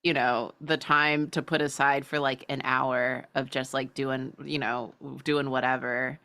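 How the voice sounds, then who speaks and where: A woman's voice: a bass voice, little pitch movement, a little slow, pushed and bright, clear, resonant tone. A young woman co-hosting a casual stream, chatty and full of fillers, laughing often. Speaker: co-host.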